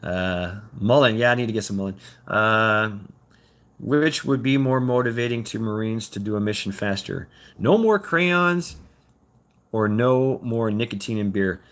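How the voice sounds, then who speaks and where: A man's voice: fairly low pitch, animated, unhurried, a bit bright. A man of fifty rambling through a casual livestream chat, cursing freely and stumbling over repeated words. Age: 50s. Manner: rambling, profane, repeats words and restarts often. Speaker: livestream host reading chat.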